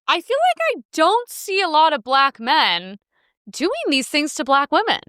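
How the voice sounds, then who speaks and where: A woman's voice: sits high, sing-song, measured pace, sharp tone, no echo, clean studio sound. A young woman hosting her own show, riffing sarcastically on news clips in a rambling, casual way full of fillers. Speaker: host.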